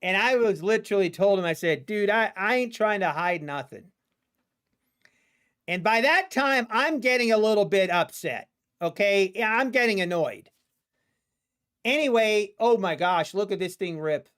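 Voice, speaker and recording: A man's voice: high-pitched, lively intonation, moderate pace, a bit bright. An American man streaming live, telling a long story in a loose, rambling way, with many restarts and asides to his chat. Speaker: day-trading livestreamer. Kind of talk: casual storytelling on a livestream.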